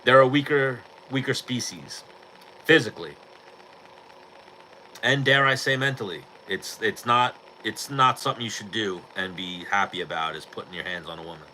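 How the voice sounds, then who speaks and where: A man's voice: lowish voice, normal speed, sharp tone, slight background noise, poor audio. A man hosting a podcast in casual chat, talking bluntly with lots of swearing and rambling asides. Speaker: podcast host.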